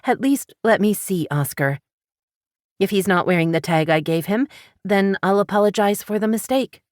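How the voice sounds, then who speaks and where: A woman voicing a determined woman who speaks tensely and forcefully while protecting her dog and a boy, in an audiobook. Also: mid-range voice, moderate pace, no echo, studio quality, voice pushed up, close to an everyday voice.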